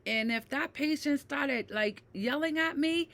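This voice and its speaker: Woman in her fifties, unhurried personal talk, bright tone, emphatic and often asking "right?". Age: 50s. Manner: swings from low and quiet to loud and heated. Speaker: mental health vlogger.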